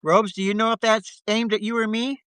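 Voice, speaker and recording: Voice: mid-range voice, flat delivery, fairly quick, a bit bright, clear, resonant tone, no room sound. A participant in a live audio chat who talks in a flirty, teasing way and laughs often. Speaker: participant and story reader.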